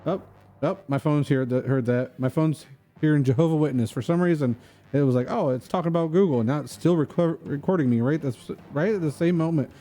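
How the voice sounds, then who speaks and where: While streaming a video game, this man rambles and jokes, constantly getting sidetracked in casual chat. His voice sits on the high side, brisk and mellow.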